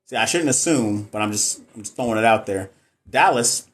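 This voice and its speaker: A man's voice: fairly low pitch, lively intonation, moderate pace. A man from Texas, chatting casually and jokingly on a live stream as a nurse educator, reading and answering viewer comments.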